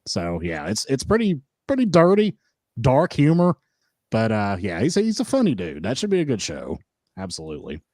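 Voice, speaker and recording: A man co-hosts a casual wrestling review podcast, laughing often and telling stories with lots of energy. His voice is medium-pitched at normal speed, with no room sound.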